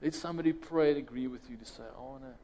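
A South African man delivers a sermon that ends in prayer, racing through it in a relaxed, conversational manner with a dark, mellow tone. He restarts phrases and his pitch leaps sharply when he quotes others, while long hall reverb trails every word.

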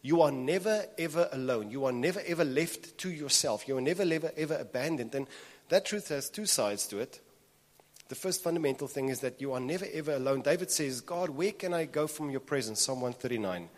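A man's voice: medium pitch, expressive, brisk. A man preaching a sermon to a congregation in an earnest way, repeating his phrases for emphasis. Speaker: pastor. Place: church hall. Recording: reverberant church hall.

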